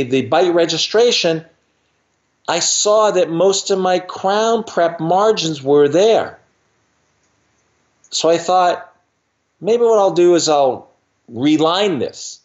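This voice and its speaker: Animated older male dentist telling stories. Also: on the high side, dull audio. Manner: acts out other people's voices in quick asides. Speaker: dentist, podcast guest. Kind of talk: animated anecdotal storytelling.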